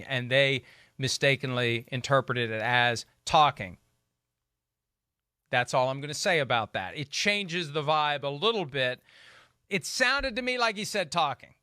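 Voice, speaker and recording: A man hosting a sports talk show, talking in a brisk, sardonic, lawyerly way. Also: medium pitch, expressive, bright, forceful tone, no echo, studio quality. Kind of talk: casual studio sports talk.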